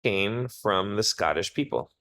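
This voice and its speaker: A middle-aged man tutoring, calmly explaining a reading question step by step and reading the text aloud. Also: on the low side, a little slow. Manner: calm, explanatory, reads passages aloud. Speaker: SAT tutor. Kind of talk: test prep walkthrough.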